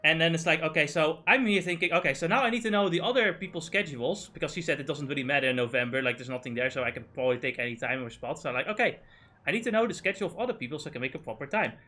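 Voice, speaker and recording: A man's voice: on the high side, lively intonation, racing, bright, forceful tone. A man streaming a game and ranting in casual, profane, exasperated chat.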